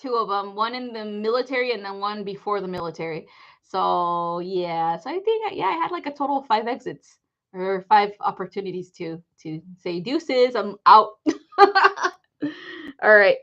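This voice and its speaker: A woman's voice: mid-range voice, lively intonation, normal speed, fairly bright tone, highs cut off. A woman hosting a live psychic reading stream, telling rambling stories in casual chat, laughing often and swearing freely.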